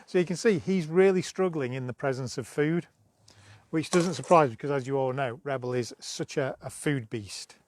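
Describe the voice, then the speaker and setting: A man's voice: medium pitch, normal speed, darkish tone, slight background noise. A man giving a dog-training demo on a live stream, chatty and coaxing, with bursts of praise for his dog.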